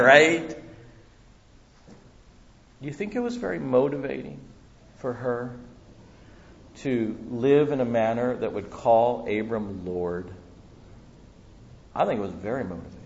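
A man's voice: a little high, moderate pace. A man preaching a sermon, telling stories and acting out the voices of the people in them. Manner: animated storytelling, acting out voices of people in the story. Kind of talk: sermon with personal anecdote. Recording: dull lo-fi sound with long hall reverb.

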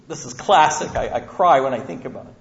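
A man preaching a sermon in a church room, dramatic, swinging from loud to hushed. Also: medium pitch, expressive, a little fast, highs cut off.

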